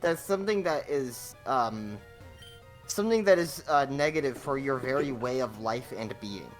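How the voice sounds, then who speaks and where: A man's voice: medium pitch, lively intonation, moderate pace, faint music behind. A young man rambling casually while commentating on a video game, swearing and filling gaps with "um" and "like". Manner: rambling, profane, many fillers. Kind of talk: casual let's-play banter.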